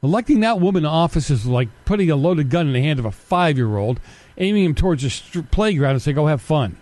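A man's voice: a little high, lively intonation, quick pace, darkish tone, no room sound. A middle-aged man hosting a political commentary show, delivering a combative, sarcastic opinion monologue full of rhetorical questions.

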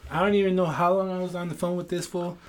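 A man co-hosting a podcast in casual chat among friends, slangy and swearing, halting and repeating himself. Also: sits high, little pitch movement, a crowd in the background. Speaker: podcast co-host.

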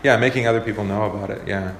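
A man's voice: on the low side, steady tone, rapid-fire. A man, a pastor, leading a casual Bible study, talking conversationally and often asking the group questions. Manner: conversational, asks the group questions, many fillers. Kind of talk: casual teaching talk. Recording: roomy echo, faint background noise.

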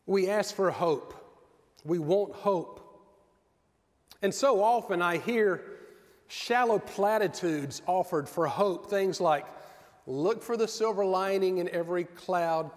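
High-pitched preacher guy, earnest and measured, long reverb from a big hall. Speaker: pastor. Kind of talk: sermon.

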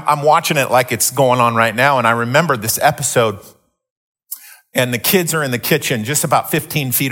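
A man's voice: medium pitch, sharp tone. Middle-aged guy preaching, rambly storytelling, lots of restarts, medium voice. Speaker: pastor. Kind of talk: sermon teaching.

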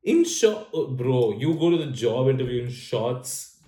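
A man's voice: mid-range voice, big pitch swings, a little slow, dark tone, reverberant. A young man co-hosting a podcast who rambles, swears casually and trails off mid-thought. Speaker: podcast co-host. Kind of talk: casual chat.

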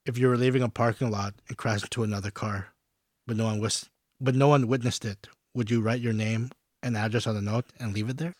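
A man's voice: medium pitch, fairly even intonation, a little fast, darkish tone, no room sound, clean studio sound. Laid-back teasing young man. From Canada. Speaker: podcast co-host. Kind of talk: casual chat.

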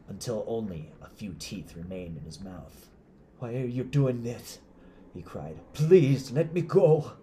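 A man narrating a scripted horror story in a measured, deliberate way. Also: deep voice, slight background noise.

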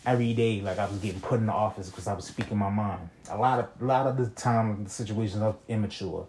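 A man's voice: on the low side, quick pace, a little mellow, slight background noise. A young man telling a personal story in a casual, rambling monologue, full of slang and "you feel me.". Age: young adult.

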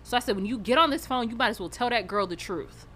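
A woman's voice: on the high side, fast, fairly bright tone. A woman co-hosting a podcast, ranting bluntly in a casual chat with plenty of swearing. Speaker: podcast co-host.

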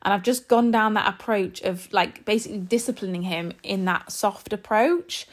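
A woman's voice: medium pitch, normal speed. A woman in her thirties chatting casually to her viewers as a parent vlogger, rambling with lots of fillers and restarts. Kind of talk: casual chat to camera.

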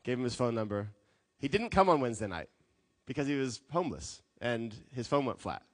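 A man preaching a sermon as a pastor, telling stories with lively acted quotes. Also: medium pitch, fairly quick, dry recording, studio quality. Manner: animated storytelling with acted quotes.

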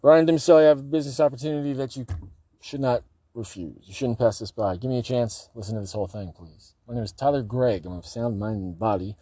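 A man talking in a rambling, erratic way, lurching between low muttering and loud, profane outbursts. His voice sits at an ordinary pitch and is captured close and dry, with almost no room sound. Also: fast talker, slightly rough, no echo. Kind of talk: rambling spoken monologue.

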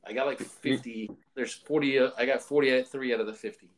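A man's voice: mid-range voice, fairly even intonation, a little fast, slight background noise. Rambling man in casual chat. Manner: rambling, joking asides. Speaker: podcast co-host.

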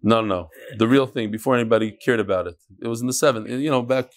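A man teaching a Talmud class, asking and answering his own questions in an animated, rhetorical way. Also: medium pitch, fast talker.

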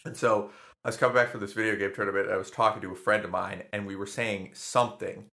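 Young guy, bright forceful voice, loose sweary storytelling in a casual chat. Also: lowish voice, fast talker, vocal fry. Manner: animated, profane storytelling with frequent laughs.

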